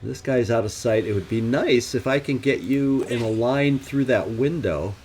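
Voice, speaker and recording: At normal speed and medium pitch, a slightly mellow man's voice comes through with slight background noise. He hosts a gaming channel's let's play, planning tactical moves out loud and interjecting wry questions to himself.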